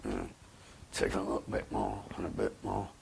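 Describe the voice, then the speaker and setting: A man, talking bluntly and haltingly in a candid interview, often repeating himself. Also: very deep voice, very animated, creaky, darkish tone, a little hiss or hum. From England. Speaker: interview guest.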